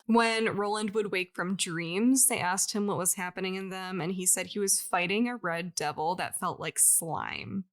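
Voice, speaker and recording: A woman's voice: lowish voice, moderate pace, hardly any pauses. A woman co-hosting a podcast, telling a story in casual chat with frequent laughs and fillers. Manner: chatty, laughs often, many likes. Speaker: podcast co-host.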